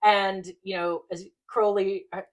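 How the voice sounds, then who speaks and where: A woman's voice: mid-range voice, flat delivery, a little slow. A woman hosting a podcast and chatting casually as she recaps an episode, talking animatedly, swearing freely and acting out lines. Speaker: podcast host.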